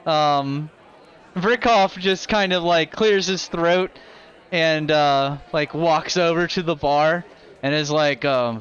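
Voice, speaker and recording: A man narrating as dungeon master in a live tabletop game, animated and full of fillers. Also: fairly high pitch, slow, clean tone, lo-fi sound.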